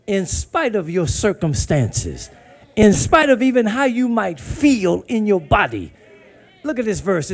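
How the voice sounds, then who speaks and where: Male preacher, very high pitched, swings from quiet to fervent shouts. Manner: call-and-response preaching, swings from hushed to shouting. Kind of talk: sermon.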